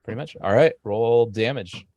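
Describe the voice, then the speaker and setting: A man narrating as game master in a tabletop game, relaxed with frequent fillers. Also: medium pitch, normal speed, no echo.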